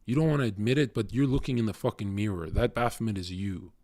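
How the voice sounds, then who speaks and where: A man's voice: fairly low pitch, fast, a little mellow, dry recording. A man streaming live, ranting bluntly and profanely at his chat in a confrontational way. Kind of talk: casual rant to a live chat.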